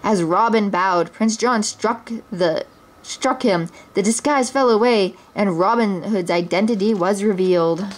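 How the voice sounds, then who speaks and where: Woman reading a kids' story aloud, expressive, occasional stumbles, mid pitch. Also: measured pace. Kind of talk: children's story read aloud.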